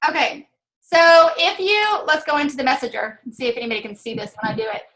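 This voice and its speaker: A woman's voice: high-pitched, very animated, fast talker, fairly bright tone. A woman with a Southern US accent, co-hosting a casual chat and explaining things step by step in an upbeat, coaching way. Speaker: co-host.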